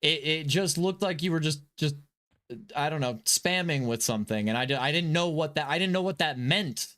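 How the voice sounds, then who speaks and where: A man's voice: a little high, normal speed, bright, forceful tone. A man talking casually while playing a game, rambling and restarting his sentences, swearing and apologizing because he is frustrated and agitated. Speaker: gaming streamer. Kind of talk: casual live gameplay commentary.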